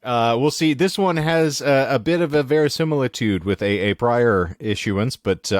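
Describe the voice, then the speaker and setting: A man's voice: medium pitch, normal speed, few pauses, no room sound, studio quality. A man hosting a casual podcast, reading headlines in a wordy, mock-formal way.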